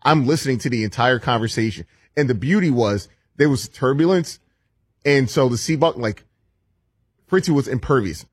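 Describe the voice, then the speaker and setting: A man's voice: medium pitch, animated, moderate pace, slightly rough, no echo, clean studio sound. A man on a radio show, telling a gossipy anecdote. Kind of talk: casual talk radio banter.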